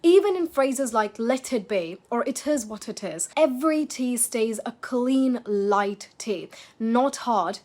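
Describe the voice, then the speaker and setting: A woman teaching a pronunciation lesson, drilling single words slowly and checking in with her viewers. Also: a little high. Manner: checks in with "okay, everyone?". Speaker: accent coach.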